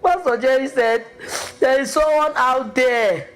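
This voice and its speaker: A woman with a Nigerian accent giving a fervent church testimony, breaking into high exclamations. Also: unhurried, poor audio. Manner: fervent, exclamatory, with sudden high emotional cries. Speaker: testimony giver.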